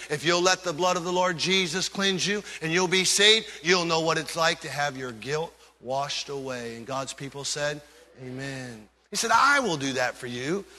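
A man preaching a sermon as pastor, swinging between loud emphasis and hushed, earnest passages. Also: sits high, animated, moderate pace, in a large hall.

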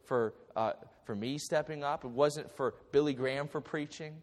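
A man's voice: on the high side, normal speed, darkish tone, in a large hall. A man in his forties preaching a sermon as pastor, telling a story with stammered restarts and light jokes. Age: 40s.

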